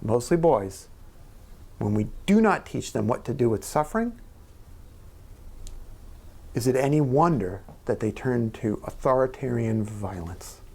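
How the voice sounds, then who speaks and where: A man's voice: medium pitch, expressive, measured pace, long pauses, darkish tone. A middle-aged man, telling personal stories earnestly in an onstage conversation, sometimes dropping to a near-whisper. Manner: earnest storyteller, drops to near-whisper at times. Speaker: guest speaker. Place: small members' club event room.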